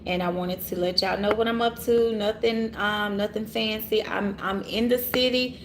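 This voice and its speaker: Lively woman livestream host. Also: medium pitch, moderate pace, noisy background. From Orange Mound, Memphis area, USA. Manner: animated, laughs often, talks to viewers as y'all. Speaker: tarot reader and livestream host. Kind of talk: casual livestream chat. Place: city hotel room, sirens outside.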